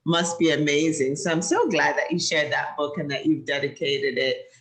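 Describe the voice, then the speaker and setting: A woman's voice: sits low, normal speed. A woman with a Jamaican accent hosting a children's show over a video call, encouraging and teacherly, laughing often. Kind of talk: lively chat with kids on a video call.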